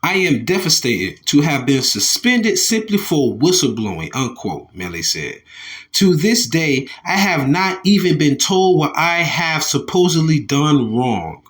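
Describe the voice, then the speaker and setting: Man, higher voice, swooping and animated, reads news aloud and riffs on it with Bible verses, stumbles and repeats himself, "y'all" to viewers. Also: a little slow. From Southern United States. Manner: animated, restarts and repeats words, calls listeners y'all. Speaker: religious commentator. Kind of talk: reading and commenting on a news article with scripture.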